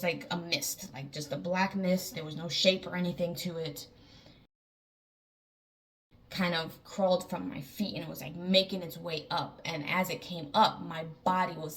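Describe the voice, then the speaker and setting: A woman's voice: on the low side, fairly bright tone, distant mic. A woman casually retelling a frightening dream, with many fillers and repeated phrases, a little away from the mic. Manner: rambling, filler-heavy, lots of "like". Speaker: artist telling a dream story. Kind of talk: casual storytelling.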